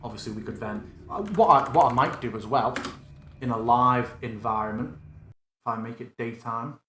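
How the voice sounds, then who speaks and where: A man's voice: mid-range voice, moderate pace, fairly bright tone, roomy sound, slight background noise. A man running a live tabletop tutorial, thinking aloud casually and correcting himself as he builds a scene. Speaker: game master demonstrating a virtual tabletop. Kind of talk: live screen-recorded tutorial.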